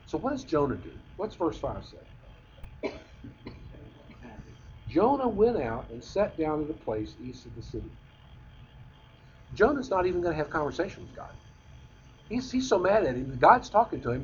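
A man's voice: on the high side, very animated, normal speed, pauses often, slight background noise. A man teaching a rambling Bible class. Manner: conversational, rambling, with restarts. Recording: dull lo-fi recording.

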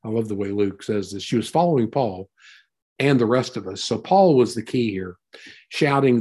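A man's voice: lowish voice, expressive, normal speed, a little mellow, slightly rough. A man teaching a Bible passage in a conversational sermon, retelling and explaining it in a folksy way.

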